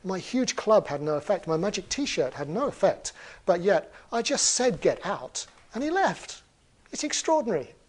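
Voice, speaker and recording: A man voicing a furious giant male troll who shouts indignant threats in a storytelling talk. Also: a little high, lively intonation, moderate pace, breathy edge. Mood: astonished.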